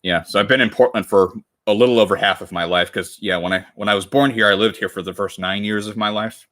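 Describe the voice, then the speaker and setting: A man's voice: fairly low pitch, steady tone, fast, a bit bright. A man in his twenties talking casually on a livestream while crafting, rambling and correcting himself as he chats with viewers. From United States. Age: 20s. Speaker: cosplay livestreamer.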